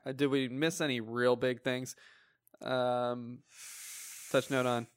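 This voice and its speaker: A man's voice: mid-range voice, flat delivery, slow pace, smooth, no room sound. Easygoing joking man, dry sound. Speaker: podcast co-host. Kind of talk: casual movie review chat.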